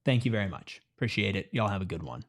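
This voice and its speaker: Lively, boastful man. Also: lowish voice, quick pace. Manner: boastful, teasing. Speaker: sports podcast host. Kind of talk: casual chat.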